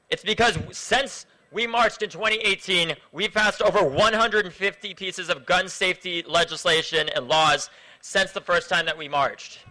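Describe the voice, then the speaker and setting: A young man from Florida giving an impassioned speech to a rally crowd outdoors, his speech shifting between low, grave passages and loud chants that he leads. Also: low-quality recording. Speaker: activist speaker at a rally.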